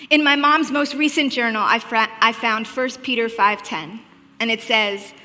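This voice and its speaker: A woman preaching with earnest warmth, telling personal stories with a wry sense of humor. Her voice is bright and fairly high. Long reverb from a large hall trails after each phrase. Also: moderate pace, faint music behind. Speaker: speaker.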